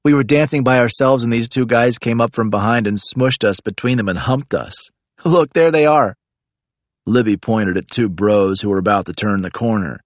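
A man reading a first-person story in a flat, profane, matter-of-fact way. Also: fairly low pitch, fairly quick, hardly any pauses, no echo. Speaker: narrator.

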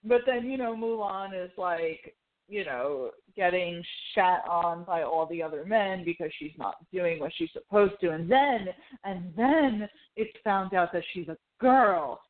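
Emotional, animated woman on a tinny line. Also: fairly low pitch, measured pace. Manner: animated, emotional, laughs often, acts out lines. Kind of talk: casual chat about a film. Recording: tinny phone-like sound.

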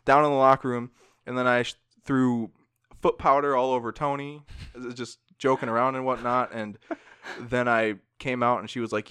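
A man in his twenties on a casual podcast, telling animated stories with plenty of casual swearing. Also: mid-range voice, normal speed, smooth, dry recording. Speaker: podcast co-host.

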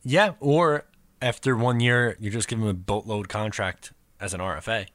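A man's voice: on the low side, moderate pace, a bit bright, no echo. A man co-hosting a casual sports podcast, easygoing and jokey. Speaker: podcast co-host.

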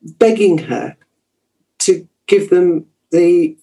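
An older broadcaster from Yorkshire, England, with a received pronunciation accent, reminisces about her childhood as an interview guest, self-deprecating and full of fillers. Her voice is low, mellow and breathy, animated yet extremely slow, on a rough recording.

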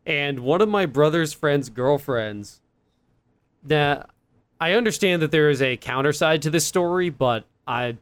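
A man's voice: a little high, expressive, measured pace, clear, resonant tone, no echo. A young man, a podcast co-host rambling through a story in casual chat with fillers and laughs.

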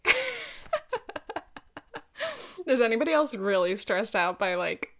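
A woman's voice: mid-range voice, lively intonation, fast. A young woman hosting her own podcast, chatting casually and laughing at herself as she goes. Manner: chatty, giggly and self-deprecating. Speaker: podcast host. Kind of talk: casual solo podcast chat.

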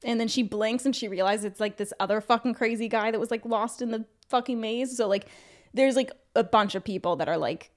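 A woman's voice: a little high, fairly quick. A young woman from Canada co-hosting a podcast, talking casually with lots of filler words and frequent swearing. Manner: chatty, swears freely, many filler likes. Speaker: podcast co-host. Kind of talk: casual chat.

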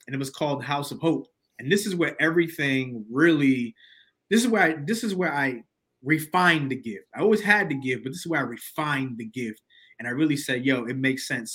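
Animated man telling a story. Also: mid-range voice. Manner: animated storyteller, slangy, acts out quotes. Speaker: podcast guest. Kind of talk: storytelling in casual conversation.

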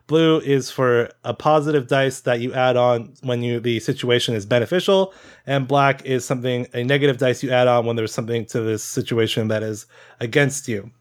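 A man acting as game master, patiently explaining dice rules in a casual way. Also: medium pitch.

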